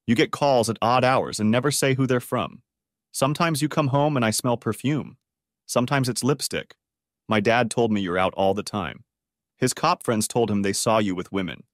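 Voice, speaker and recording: A man's voice: mid-range voice, no room sound, studio quality, close to an everyday voice. A man voicing a bitter, unforgiving estranged wife in a story reading, speaking coldly and accusingly. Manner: cold and accusing.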